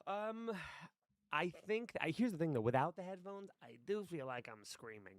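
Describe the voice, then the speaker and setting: A man chats casually on a live stream, rambling from thought to thought and cursing freely. His voice is smooth and clear at a mid pitch, recorded close and dry on a desk mic. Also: very animated, moderate pace, no echo. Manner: rambling, stream-of-consciousness talk, swearing freely. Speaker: streamer and actor. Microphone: desk mic with headphones.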